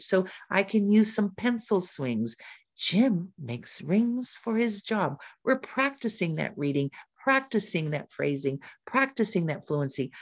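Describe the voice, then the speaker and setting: Lively woman modeling a reading lesson. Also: medium pitch. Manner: lively teacher voice, modeling lessons with questions and prompts. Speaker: literacy educator. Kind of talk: teaching demonstration for educators.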